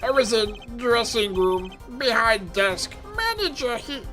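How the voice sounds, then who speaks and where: A man voicing a small foreign boy who speaks in choppy broken English, with a comically high voice. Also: sing-song, measured pace, bright, forceful tone, soft background music, heavily acted.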